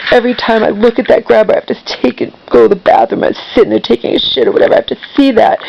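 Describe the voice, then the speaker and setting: A woman vents on her vlog in a heated monologue, swearing and circling back to the same complaints. Her voice has a gravelly, fried edge. The recording sounds dull and lo-fi. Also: medium pitch. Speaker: vlogger. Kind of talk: angry venting monologue.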